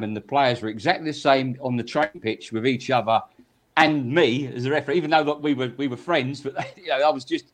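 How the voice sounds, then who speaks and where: An older man, a former football referee, telling stories on a podcast in a chatty way, repeating words and acting out quotes. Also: medium pitch. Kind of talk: anecdotal storytelling on a podcast.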